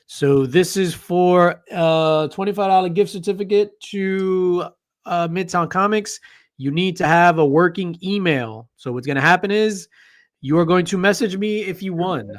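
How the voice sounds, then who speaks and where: A man's voice: high voice, a little slow, dry recording, clean studio sound. A tired man hosting a casual panel chat, joking around, swearing freely and laughing a lot. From half Italian, half Puerto Rican. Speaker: podcast host.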